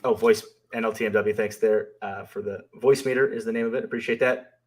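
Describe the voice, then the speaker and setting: He co-hosts a live stream and founded the company, and he answers the viewer questions he reads aloud with thoughtful hesitation and lots of filler words. His lowish voice is steady in tone and fairly quick.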